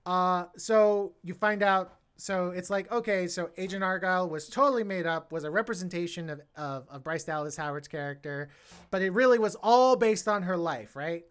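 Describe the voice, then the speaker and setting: A woman's voice: fairly low pitch, moderate pace, clean tone. A woman co-hosting a podcast, recapping a movie plot in casual, rambling chat and swearing freely. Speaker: podcast co-host.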